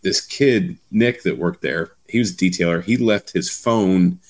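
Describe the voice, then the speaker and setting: A man in his thirties casually telling a story on a podcast, swearing freely as he gets animated. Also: low-pitched, unhurried.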